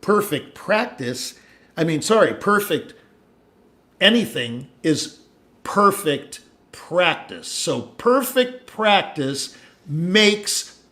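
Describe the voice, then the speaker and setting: An older man hosting a casual chat, storytelling with sudden loud asides and low mutters. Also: big pitch swings, takes it slowly. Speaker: host.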